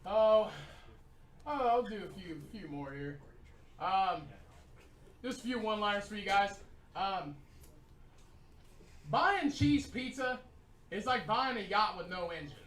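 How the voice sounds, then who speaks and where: A man's voice: sits high, animated, slow pace, long pauses, a bit bright, slight background noise. A man with an Indiana accent doing a crude, rambling stand-up set full of fillers in a small comedy club. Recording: roomy club sound from a distant mic.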